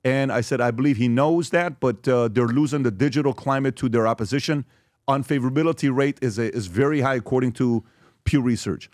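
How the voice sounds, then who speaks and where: A man's voice: medium pitch, a little fast, no room sound. A man hosting a podcast in a studio, talking casually and acting out quotes he reads aloud. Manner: animated, acts out quotes and reads tweets aloud. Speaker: podcast host.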